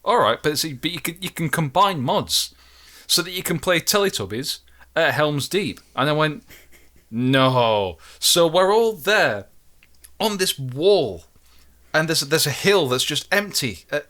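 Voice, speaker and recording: Lively, bright-voiced young man telling stories. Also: fairly high pitch, measured pace. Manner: animated storyteller, acts out panicked shouts. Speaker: podcast co-host. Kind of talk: casual chat.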